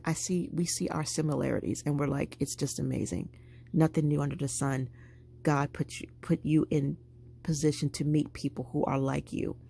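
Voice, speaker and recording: Deep and creaky, this woman's voice belongs to a vlogger filling her handbag. She keeps up a lively, chatty conversation with viewers the whole time.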